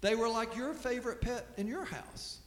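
A man preaching a sermon in a relaxed, storytelling way, often restarting his sentences, recorded in a church sanctuary. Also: very high voice, moderate pace. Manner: conversational storytelling, with frequent restarts. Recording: echoey hall with long reverb.

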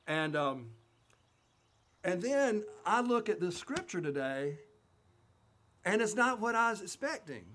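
A man's voice: high-pitched, very animated, unhurried, long pauses, fairly bright tone, a little hiss or hum. A man preaching a conversational Easter sermon as a pastor, retelling scripture in a folksy, chatty way.

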